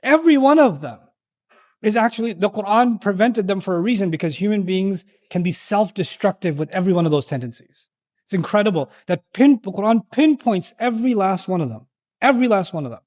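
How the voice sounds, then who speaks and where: Lecturing on scripture to a live audience, an Islamic lecturer with a high-pitched voice speaks briskly. He's animated and conversational, constantly posing rhetorical questions and slipping into the voices of the people he quotes.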